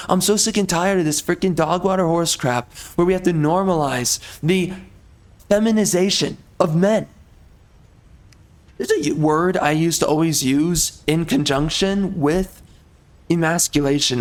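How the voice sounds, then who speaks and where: Heated, exasperated male gameplay commentator. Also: on the high side. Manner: repetitive, swaps in mild curse stand-ins. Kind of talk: ranting commentary over gameplay.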